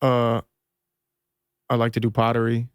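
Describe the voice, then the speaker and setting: A man from Minnesota, a rapper guest on a podcast, talks in a loose, laid-back way with plenty of swearing. His voice sits at a middle pitch, dry and close to the mic. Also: completely flat delivery, a little slow, clear, resonant tone, no echo. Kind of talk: casual chat.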